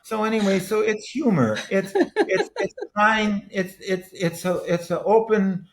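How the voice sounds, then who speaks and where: Sitting high and expressive, with a faint hiss or hum, the voice belongs to an eighty-something former politician and author from Wisconsin. He takes his time as a podcast guest, rambling earnestly through anecdotes and beginning sentences over again and again.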